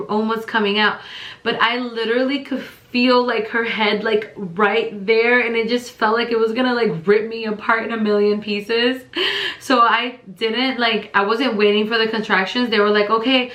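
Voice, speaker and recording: A young woman vlogger casually telling a long personal story, rambling with lots of fillers and lively quoted voices. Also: medium pitch, roomy sound.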